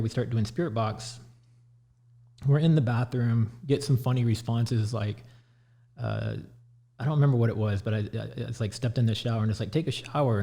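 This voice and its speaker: A man who runs a paranormal show, telling a story casually on a podcast and acting out the quotes. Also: mid-range voice. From Houston area, USA. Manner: animated, retells quotes. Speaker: guest, paranormal investigator.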